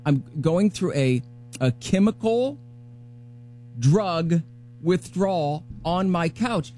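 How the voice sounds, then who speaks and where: A man hosting a morning radio show, telling a personal story in a casual, animated way and acting out his own remarks. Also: on the high side, slow, slight background noise.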